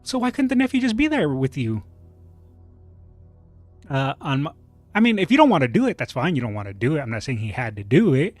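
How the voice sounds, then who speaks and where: A man's voice: fairly high pitch, big pitch swings, a little fast, pauses often, no room sound, soft background music. A man streaming, reading online posts aloud and reacting with opinionated, rambling commentary full of fillers and restarts.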